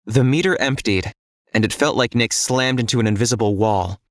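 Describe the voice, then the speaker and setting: A man reads an audiobook in a steady, measured way. His voice sits at an average male pitch. The recording is dry and close, with no room sound. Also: no echo. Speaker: audiobook narrator. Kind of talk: scripted audiobook narration.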